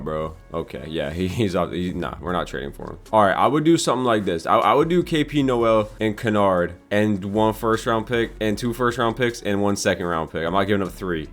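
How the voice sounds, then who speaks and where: A young man with a somewhat low voice gives casual gameplay commentary, reasoning out loud in loose slang. He swings between quiet mumbling and sudden irritated outbursts, like a YouTuber talking over his screen at a desk mic. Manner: slangy, frustrated outbursts, thinking aloud. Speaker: gaming YouTuber.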